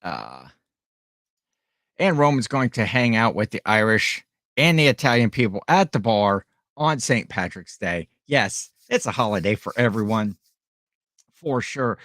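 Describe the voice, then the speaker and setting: A man's voice: on the low side, sing-song, a little slow, fairly bright tone, dry recording, clean studio sound. A man hosting a casual livestream, rambling in a friendly way and chatting with his viewers. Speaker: livestream host and online reseller.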